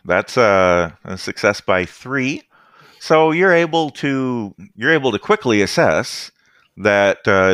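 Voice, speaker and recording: A man narrating as game master of a tabletop game, easygoing and halting, with many fillers. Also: fairly bright tone, dry recording, clean studio sound. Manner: easygoing, halting with fillers, brief squeaky voices for side characters.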